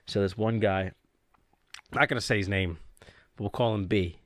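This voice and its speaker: A man hosting a podcast, telling work stories to an old friend in an animated, easily amused way. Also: lowish voice, moderate pace, no room sound. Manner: animated storyteller, laughs easily. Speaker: podcast host. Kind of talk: casual chat between old friends.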